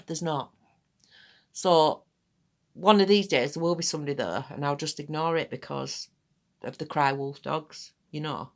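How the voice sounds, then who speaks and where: A middle-aged woman, her voice sitting a little low. She chats in a rambling, blunt way, swearing now and then as she demonstrates a skin treatment. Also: fairly bright tone. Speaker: aesthetics practitioner. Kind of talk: casual chat while demonstrating.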